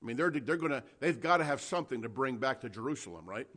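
Guy preaching a sermon, chatty and emphatic, mid-pitch voice, reads bible verses out. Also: expressive, fast, a bit bright. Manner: conversational preaching, emphatic, reads scripture aloud. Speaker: pastor.

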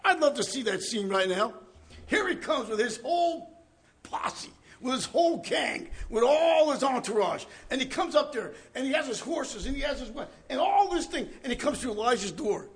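A man preaching a conversational Bible study, animated and chuckling, often checking in with the listeners. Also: very high voice, normal speed. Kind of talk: conversational sermon.

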